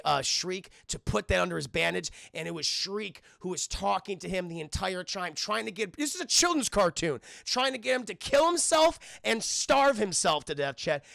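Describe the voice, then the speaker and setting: Excitable gravelly man recapping an episode. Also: on the high side, no room sound, clean studio sound. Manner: excitable and heavily profane, keeps saying chat. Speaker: streamer and cartoon reviewer. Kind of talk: casual episode recap to live chat.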